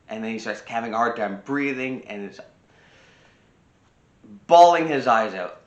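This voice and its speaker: A man's voice: lowish voice, a little fast. A man hosting a personal growth channel, giving casual advice and repeating his key phrases for emphasis. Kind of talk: casual self-help advice talk. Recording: roomy, slightly dull sound.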